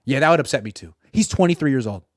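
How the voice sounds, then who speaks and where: Brief: a lively, sarcastic man riffing on football, his voice swinging all over, recorded close and dry. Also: medium pitch, fast talker, no echo. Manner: animated and sarcastic, acts out imagined dialogue. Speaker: sports commentator. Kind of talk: sports commentary monologue.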